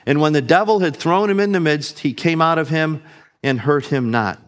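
A man preaching an expository sermon, reading scripture aloud and explaining it slowly and deliberately. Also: on the high side.

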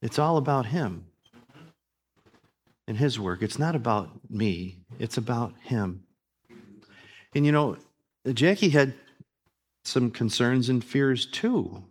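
Pastor guy preaching, emphatic, gets loud then goes quiet, fifties. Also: mid-range voice, very animated, slow pace, pauses often. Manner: emphatic preaching, swings between loud declarations and quiet asides. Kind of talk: sermon.

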